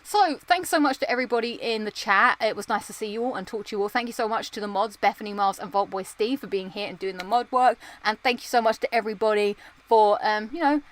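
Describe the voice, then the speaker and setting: A woman hosts a casual livestream from indoors under lights. She rambles in a chatty, self-mocking way at an ordinary mid pitch for a woman. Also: quick pace. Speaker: livestream host.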